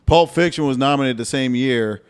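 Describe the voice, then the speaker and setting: A man guest on a podcast, chatting in casual banter with excitable interjections. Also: mid-range voice, brisk, clean tone.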